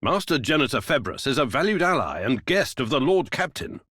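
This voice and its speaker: A man's voice: mid-range voice, big pitch swings, a little fast, a bit bright, breathy edge, no room sound, clean studio sound. An actor playing a formal male steward who scolds politely. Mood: reproving. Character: stiff male steward, reproving. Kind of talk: video game voice acting.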